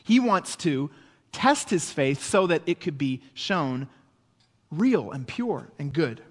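High-voiced guy preaching casually, lots of "right?", echoey church sound. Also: sing-song, slow. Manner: conversational preaching with frequent "right?" asides. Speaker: pastor. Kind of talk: sermon.

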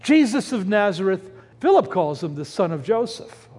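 High, lively preacher man in reverberant hall. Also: moderate pace. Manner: animated, rhetorical questions, breaks off mid-word. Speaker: pastor. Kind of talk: sermon. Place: church sanctuary.

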